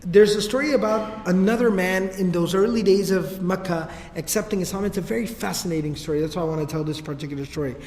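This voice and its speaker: A man gives a casual, slangy religious history lecture. His voice is fairly high. It carries through a large hall with a long, roomy reverb. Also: fast talker, hardly any pauses, darkish tone, a little hiss or hum. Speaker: religious teacher.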